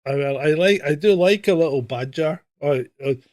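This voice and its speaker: A man's voice: on the high side, normal speed, darkish tone. A man hosting a comedic livestream, teasing his co-host and laughing often. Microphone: webcam livestream.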